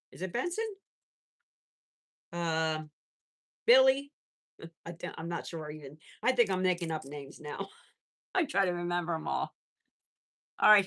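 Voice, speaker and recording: A woman's voice: lowish voice, a bit bright. A woman hosting a casual live stream from home on her phone, chatting with viewers and cooing at her pets. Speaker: pet channel host.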